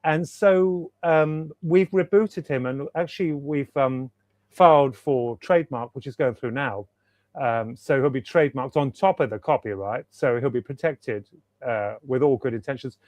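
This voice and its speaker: A man's voice: medium pitch, normal speed, darkish tone, dry recording. Enthusiastic man, rambling on a call. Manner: enthusiastic, rambling, repeats himself for emphasis. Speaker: guest author. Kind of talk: casual interview chat. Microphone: video call.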